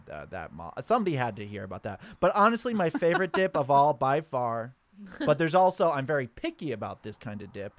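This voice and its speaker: A man co-hosting a comedy podcast, talking in a giggly, halting way with many restarts. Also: medium pitch, very animated, dry recording. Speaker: podcast co-host. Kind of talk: casual comedic chat.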